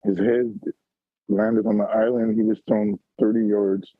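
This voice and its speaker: A man with a gravelly, husky voice tells a personal story on a call-in stream. His delivery is raw and halting, full of swearing. The sound is dry and tinny, like a phone line on a video call. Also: lowish voice, very animated, dry recording. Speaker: call-in panelist.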